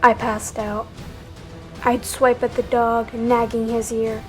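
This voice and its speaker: Woman, fairly high voice, dramatic story narration, animated, soft music underneath. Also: takes it slowly. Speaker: storyteller narrating a cat game battle. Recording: music faintly behind.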